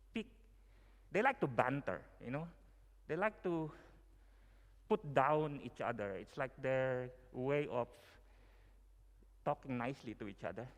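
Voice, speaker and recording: A young Filipino man with a Filipino accent, giving a chatty sermon full of fillers and "you know". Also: mid-range voice. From Philippines. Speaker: guest preacher. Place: church hall. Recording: long hall reverb.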